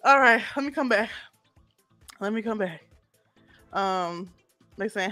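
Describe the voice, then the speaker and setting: A woman's voice: mid-range voice, lively intonation, takes it slowly, pauses often, sharp tone, faint music behind. A woman with a St. Louis accent chats emotionally with her viewers on a live stream and reads their comments aloud. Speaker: YouTuber hosting a live stream. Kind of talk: casual live-stream chat.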